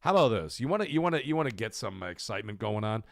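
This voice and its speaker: A man in his thirties hosting a live gaming stream, chatting and reading viewer super chats, breaking into loud excited shouts. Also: fairly low pitch, very fast, creaky, no room sound, clean studio sound. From Canada. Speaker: host of a gaming livestream.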